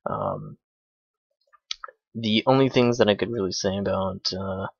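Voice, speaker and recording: A young man casually commenting over a replay of his own game match, explaining each move in a relaxed way with frequent ums and uhs. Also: low-pitched, unhurried, gravelly, slightly rough, no room sound. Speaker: gameplay commentator. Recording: dull lo-fi recording with faint noise.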